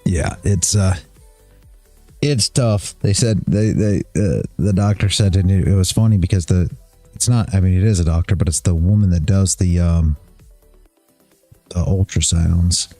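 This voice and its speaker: A man's voice: deep voice, measured pace, warm tone, faint music behind. A tired man hosting a trading livestream, chatting casually, rambling and chuckling as he loses his train of thought. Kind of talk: casual chat.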